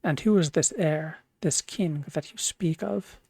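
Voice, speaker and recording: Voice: mid-range voice, unhurried, creaky, a little mellow, slightly rough, no room sound. A streamer voicing a proud, suspicious dwarf chieftain while reading game dialogue aloud, scornful in manner. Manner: scornful, mocking laughter.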